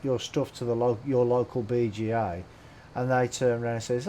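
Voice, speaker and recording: A man's voice: medium pitch, normal speed, a little mellow, a little hiss or hum, poor audio. A man with a Brummie accent giving chatty live-stream commentary while playing, greeting viewers and laughing often. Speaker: game streamer.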